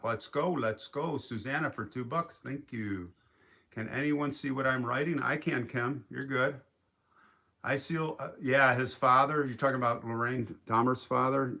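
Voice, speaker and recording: A man hosting a casual live stream from a quiet home in the woods, rambling and reading viewer comments aloud. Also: medium pitch. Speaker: livestream host.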